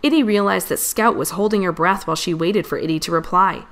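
A woman reading a children's storybook aloud in an expressive, animated way. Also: lowish voice, brisk.

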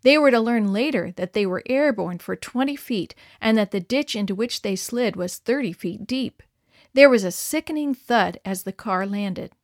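Woman reading a story out loud, clear and expressive, dry close mic. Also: medium pitch, normal speed, no room sound. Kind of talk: scripted narration.

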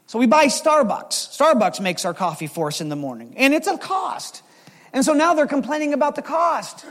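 A man preaching a sermon as lead pastor, animated and storytelling, with acted quotes. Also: high-pitched, normal speed, pauses often, long reverb tail.

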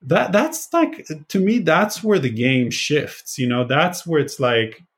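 A man's voice: fairly high pitch, sing-song, takes it slowly. A man who taught positive psychology, talking casually and animatedly with many fillers. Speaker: former positive psychology teacher. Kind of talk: casual conversation.

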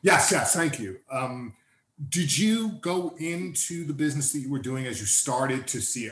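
A man hosting a casual interview, chatting in an animated way and acting out the people he quotes. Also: medium pitch, normal speed. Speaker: podcast host, lawyer and agent. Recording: echoey room with faint ambience.

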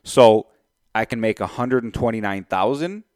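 A man's voice: fairly low pitch, normal speed, no echo, studio quality. A man casually telling a story to camera, acting out both sides of a deal and working out sums aloud. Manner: animated retelling, acts out both sides of a deal; works out sums aloud, thinking out loud. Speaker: real estate investor.

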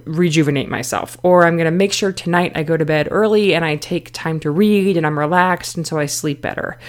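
A middle-aged woman hosting a self-help podcast, talking in a conversational way with many fillers and restarts. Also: lowish voice. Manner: conversational, frequent "you know" fillers and restarts. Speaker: podcast host. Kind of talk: casual self-help talk.

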